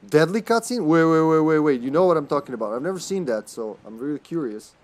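A man's voice: a little high, fast talker, a little mellow. Chatty man streaming a game. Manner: chatty and jokey, often laughing, greeting chat. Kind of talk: live gameplay commentary.

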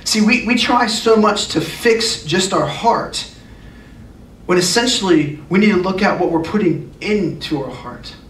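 A man's voice: high voice, animated, measured pace, a bit bright. Man, youth pastor, emphatic sermon, repeats phrases, roomy echo, faint noise. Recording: echoey room, distant mic, faint noise.

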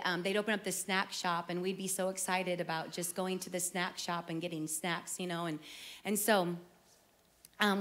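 A middle-aged woman who is a singer shares her personal testimony as heartfelt storytelling, acting out her younger self. Her voice sits at a medium pitch.

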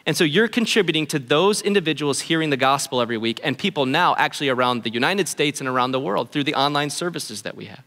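A man preaching to his church with a bright, forceful voice pitched a little high. He talks in an earnest, animated way and acts out what his listeners might be thinking. The sound rings with the long reverb of a big hall. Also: fast talker, few pauses. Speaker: pastor. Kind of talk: sermon. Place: church auditorium.

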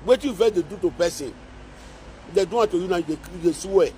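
A man delivers a scolding, mocking rant on live video, going over the same points in Nigerian Pidgin English. His voice is high, mellow, and fast, and a little hiss or hum sits in the audio.

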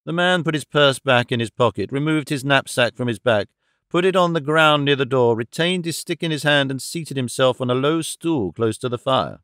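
A man narrating a classic novel audiobook in an even, steady storytelling manner. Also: medium pitch, normal speed, smooth, dry recording, clean studio sound.

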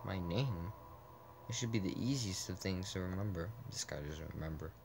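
Lowish man stumbling through a game text. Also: normal speed, gravelly, noisy background. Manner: stumbling reading with restarts and asides. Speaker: let's play gamer reading aloud. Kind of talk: casual reading of a text game.

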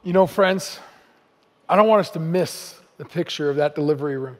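A man's voice: fairly high pitch, moderate pace, long reverb tail. A man giving a sermon as a guest speaker, earnest and building to emphatic outbursts. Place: church sanctuary.

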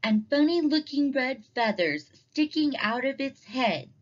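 A woman voicing an eager, chatty young girl bear cub in a storybook read-aloud, high and excited. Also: unhurried, muffled recording.

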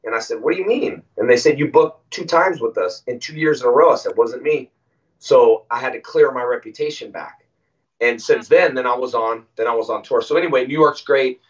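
A man as an interview guest, telling stories casually and acting out quoted lines with animated voices. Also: medium pitch, brisk. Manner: animated, acts out quoted dialogue. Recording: distant, muffled audio.

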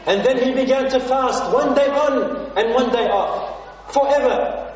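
A man's voice: extremely high pitch, measured pace. A preacher from Australia telling an emotional story in a sermon, speaking to his audience as brothers and sisters and mixing in Arabic phrases. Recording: echoey hall, distant mic, dull lo-fi.

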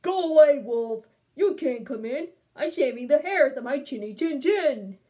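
Grumpy storybook pig, male, loud and raised in pitch, a woman voicing him. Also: expressive, unhurried. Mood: indignant. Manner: shouting, indignant. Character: grumpy male pig shouting through a door.

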